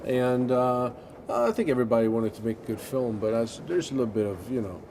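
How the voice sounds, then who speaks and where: Deadpan man, dry humor. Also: medium pitch, brisk, slight background noise. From Sweden. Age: 50s. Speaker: interviewee, actor. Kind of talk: casual interview chat. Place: indoors at a public venue.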